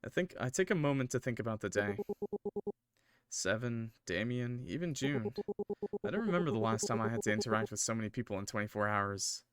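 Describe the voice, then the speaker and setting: A man's voice: lowish voice, lively intonation, a little fast, soft background music. Man reading a visual novel aloud. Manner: casual, jokey asides, laughs. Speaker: streamer.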